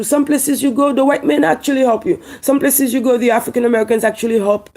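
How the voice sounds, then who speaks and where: A woman from Haiti, an online commentator, talks fast to camera with hardly any pauses, in a heated, emphatic monologue with a Haitian accent. Her slightly high voice is gravelly with lots of fry and a dark, mellow tone, and she repeatedly restates her points and poses rhetorical questions.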